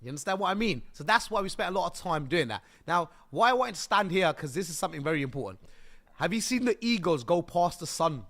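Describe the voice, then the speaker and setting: A man talks through a live stream in casual slang, hyping the game and swearing freely. His voice is bright and forceful and sits a little high for a man. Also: very animated, fast talker.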